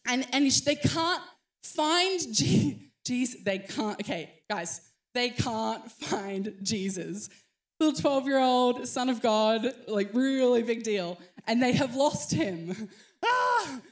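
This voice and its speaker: A woman in her thirties preaching a sermon, telling a story with animated acted-out voices. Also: fairly high pitch, slow pace. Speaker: pastor.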